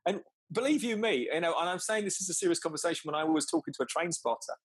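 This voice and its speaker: A man's voice: a little high, expressive, fast talker, breathy edge, no echo. A man chatting as a podcast guest, telling stories, laughing often and acting out both sides of conversations. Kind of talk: casual storytelling chat.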